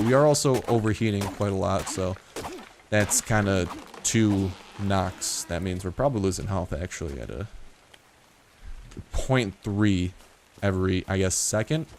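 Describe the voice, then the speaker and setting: Young male gaming host, low pitch, chatty and profane, over faint background noise. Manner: rambling, jokey, profane. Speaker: gaming YouTuber. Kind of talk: casual gameplay commentary.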